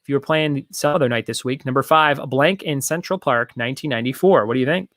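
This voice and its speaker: A man's voice: mid-range voice, fast talker, fairly bright tone, no echo, studio quality. A man hosting a casual online trivia night, chatting in long rambling asides and repeating each question. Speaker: trivia host.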